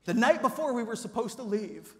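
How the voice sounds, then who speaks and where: A man in his thirties, a youth pastor, preaching a storytelling sermon and acting out the quoted voices with lively energy. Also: very high voice, brisk. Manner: animated, acts out quoted voices. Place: church sanctuary. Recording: reverberant church hall.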